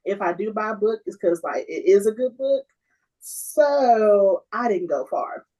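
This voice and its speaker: A woman's voice: mid-range voice, animated, measured pace, dark tone, low-quality recording. A woman co-hosting a podcast in casual chat, laid-back and joking. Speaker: podcast co-host.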